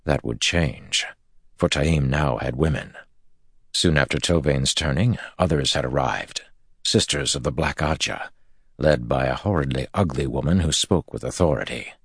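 A man giving measured, scripted audiobook narration of a fantasy story. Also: very deep voice, slightly rough, no echo, studio quality.

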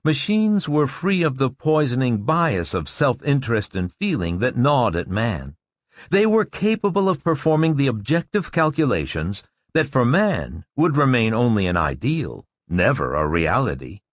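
A man's voice: mid-range voice, big pitch swings, normal speed, no room sound, studio quality, natural voice. A man voicing a confident lecturing school director. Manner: declamatory, lecturing.

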